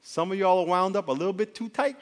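A man preaching a sermon as pastor, animated and leading call-and-response with the congregation. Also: high voice, fast talker. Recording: long hall reverb.

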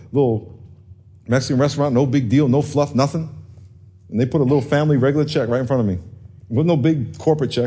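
A man preaching a sermon as pastor, moving from quiet talk up to loud yelling, with laughs between lines. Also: mid-range voice, breathy edge.

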